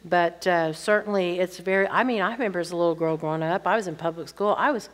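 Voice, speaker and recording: A woman's voice: lowish voice, quick pace. An older woman teaching, reading audience questions aloud and answering them candidly with chatty personal stories. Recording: long reverb from a hall.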